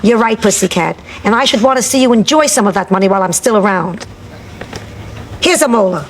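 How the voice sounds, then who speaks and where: A woman's voice: medium pitch, a little fast, close to an everyday voice. An actress in her eighties playing a feisty, stingy old mother in a sitcom, with a dry, cutting delivery. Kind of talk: sitcom acting. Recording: noisy TV audio with studio audience laughter.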